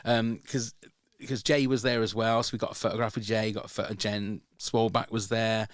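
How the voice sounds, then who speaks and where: A man's voice: fairly low pitch, level tone, normal speed, dry recording, studio quality. A man, hosting a podcast and telling a long, rambling story in casual chat, often restarting his sentences. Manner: rambling, with many restarts and repeated words. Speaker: podcast host.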